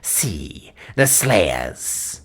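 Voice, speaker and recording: A man voices an ancient vulture-like witch-doctor woman, commanding and cackling. Her voice jumps from shrill highs down to low hisses. It is a storybook figure. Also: big pitch swings, extremely slow, fairly bright tone, husky, full character voice. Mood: menacing.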